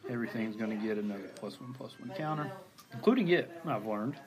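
A man's voice: medium pitch, animated, fast talker, over music. A man playing a card game, talking through his turn and counting out his moves. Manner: thinks aloud, counts and explains his moves.

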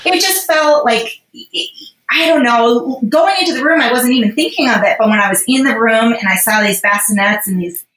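On a podcast, a female guest rambles emotionally through a personal story, leaning heavily on fillers. She has a fairly high, somewhat bright voice and speaks at a moderate pace, with the room echoing noticeably around her.

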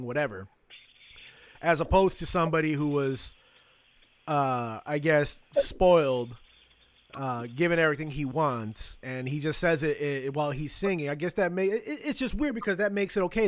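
A man's voice: a little high, no room sound. A man co-hosting a podcast in casual chat, blunt and profane with a joking edge. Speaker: podcast co-host.

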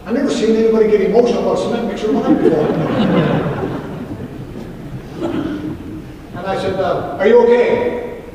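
A man's voice: high-pitched, racing, hardly any pauses, lo-fi sound, heavy background noise. A man preaching as a pastor, telling a story and acting out the lines of the people in it. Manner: animated storyteller acting out quoted dialogue. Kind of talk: sermon storytelling. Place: large hall or church. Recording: echoey hall from far off, faint ambience.

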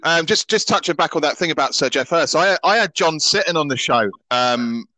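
A man's voice: on the high side, expressive, fairly quick, bright, forceful tone, no echo, low-quality recording. A man hosting a podcast who talks hesitantly, with lots of fillers, in casual interview chat. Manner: hesitant, filler-heavy, easy laugh. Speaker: podcast host.

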